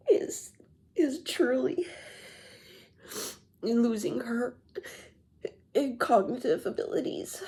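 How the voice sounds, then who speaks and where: A middle-aged woman telling a personal story in a vlog, halting and sighing, often restarting her words. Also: medium pitch, vocal fry, dark tone, breathy edge. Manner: halting, repeats words, sighs. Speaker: vlogger.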